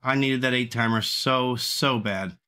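Bright-voiced man cursing and pleading. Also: medium pitch, a little slow. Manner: profane, swings between begging and cursing. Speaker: livestreamer. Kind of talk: live-streamed gambling commentary.

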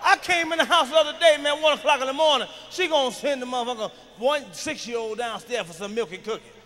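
A man performing a profane stand-up comedy routine, shouting and ranting through his stories. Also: very high voice, fast talker. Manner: profane, shouting, fired-up storytelling. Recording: live hall reverb, faint background noise.

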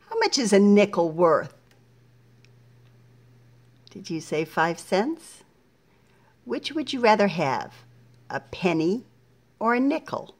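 Speaking in a mid-range voice, a middle-aged woman patiently leads young children through a slow phonics lesson, splitting every word into its syllables.

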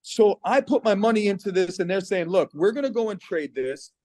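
A middle-aged man from Canada talks on a video call, earnest and persuasive, his fairly high voice catching with feeling. The sound is close and dry, with no room around it. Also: lively intonation, brisk, darkish tone, dry recording. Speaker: guest giving a testimonial. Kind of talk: personal testimonial on a video call.

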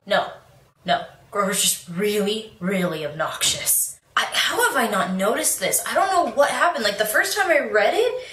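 A woman's voice: mid-range voice, lively intonation, moderate pace, fairly bright tone, far from the mic. A young woman chatting casually in a book review vlog, bubbly and rambling, with plenty of restarts and laughs. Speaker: book vlogger. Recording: echoey room, away from the mic.

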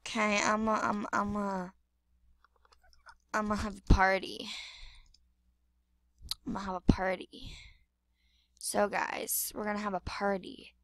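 A woman's voice: mid-range voice, unhurried, vocal fry, pauses often, no room sound. A woman giving playful, dramatic gameplay commentary, exclaiming and repeating words. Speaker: gamer.

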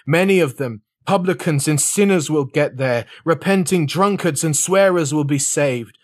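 A man's voice: on the high side, no echo, clean studio sound. Man reading a solemn sermon. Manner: solemn, dramatic, shifting pace. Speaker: sermon reader.

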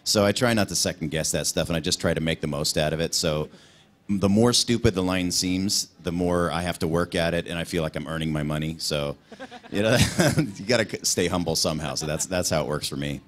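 Man, very low voice, voice actor at a convention panel, playful, self-deprecating, quick to laugh. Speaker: guest voice actor.

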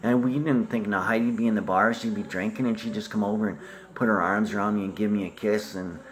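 Man, rambling profane monologue, lowish voice, skips from topic to topic. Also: steady tone, fast talker.

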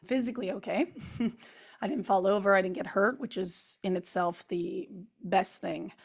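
A woman vlogger, hoarse from screaming, telling a story to camera in an animated, run-on way with lots of fillers. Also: mid-range voice, moderate pace. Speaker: spiritual vlogger.

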